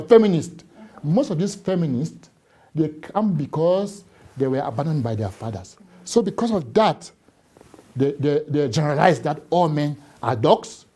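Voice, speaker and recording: A man's voice: a little high, mellow. A man, a Catholic priest talking on a live studio show, emphatic, repeating words and asking rhetorical questions. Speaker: Catholic priest and book author, studio guest.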